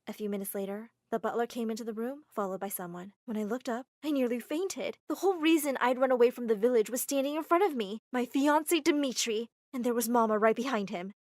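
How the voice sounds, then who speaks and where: A woman's voice: on the high side, quick pace, hardly any pauses, no echo, clean studio sound. Dramatic woman storyteller. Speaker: narrator. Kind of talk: first-person storybook narration.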